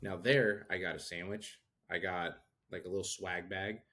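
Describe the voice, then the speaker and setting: A man in his thirties, co-hosting a podcast, telling a story in a casual, animated way and acting out the people he quotes. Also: deep voice, normal speed. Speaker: podcast co-host. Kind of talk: casual chat.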